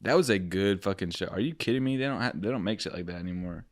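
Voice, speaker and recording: A man with a very deep voice, recorded close and dry with no room sound, ranting and rambling through profane comic stories on a podcast. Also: fast, no echo. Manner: loud, rambling, profane storytelling. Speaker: podcast co-host. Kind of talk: casual comedic chat.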